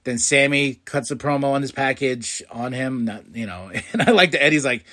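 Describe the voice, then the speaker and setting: A man hosting a podcast, giving an excitable casual recap of a show and acting out what people said in loud bursts. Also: medium pitch, normal speed. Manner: excitable, acts out quotes with loud outbursts. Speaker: podcast host.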